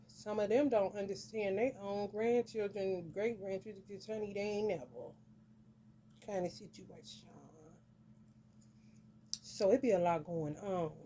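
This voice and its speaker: A woman's voice: medium pitch, unhurried, mellow, slight background noise. A woman giving a casual astrology vlog reading, blunt and profane, peppering her talk with "honey". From northern United States. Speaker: astrology reader. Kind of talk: casual spiritual vlog rant.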